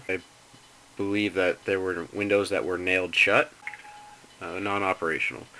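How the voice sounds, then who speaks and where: A man's voice: lowish voice, fairly bright tone, low-quality recording. A man calling as a concerned citizen, asking careful, persistent questions about building safety. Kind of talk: phone inquiry.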